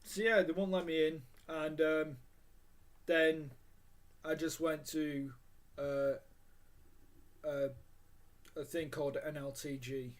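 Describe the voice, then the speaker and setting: Young man, slightly high voice, halting. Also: little pitch movement. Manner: halting, with fillers and trailing phrases. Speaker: podcast co-host. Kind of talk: casual chat.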